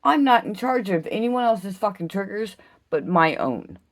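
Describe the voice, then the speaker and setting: A woman delivering a fiery solo vlog rant in a mid-pitched voice. Her pitch leaps and dips with great liveliness as she swears for emphasis. She swings between loud outbursts and low, slow, thoughtful stretches. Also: big pitch swings. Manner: intense, emphatic, heavy swearing. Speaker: vlogger.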